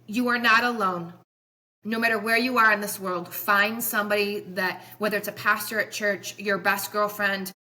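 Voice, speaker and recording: Woman in her 40s, chiropractor guest, bright voice, passionate and rambly. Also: medium pitch. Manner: earnest, passionate, rambling with restarts. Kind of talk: emotional podcast storytelling.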